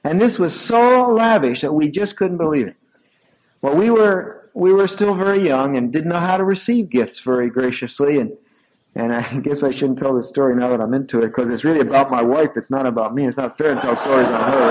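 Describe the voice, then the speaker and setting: In a church sanctuary, an older male pastor speaks fairly quickly in a medium pitch, though the recording is rough. Telling a personal story during his sermon, he moves from quiet asides to abrupt emphatic peaks to hammer his points.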